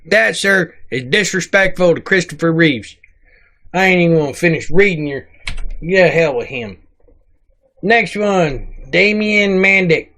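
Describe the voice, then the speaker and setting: A man's voice: sits high, fairly bright tone, exaggerated voice. A man voicing a cranky, crude male dwarf sidekick who rambles, mocks and talks in rustic grammar. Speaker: sidekick reading comments. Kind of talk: comedic comment reading.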